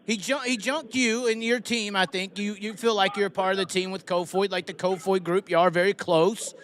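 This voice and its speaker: A man hosting a live stream, chatting casually in an excitable, teasing way. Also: high voice, brisk. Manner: excitable, teasing, laughs often.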